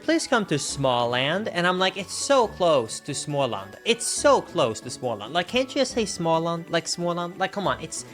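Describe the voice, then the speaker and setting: In casual chat during a gaming stream, a young man rambles through a story with plenty of fillers. His voice sits high and has a fairly bright tone.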